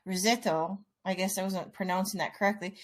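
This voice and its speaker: A woman's voice: medium pitch, fairly even intonation, brisk. A woman co-hosting a comedy talk show, reading out silly orders and giggling often. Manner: giggly, frequent laughter. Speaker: radio show co-host. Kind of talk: comedic banter.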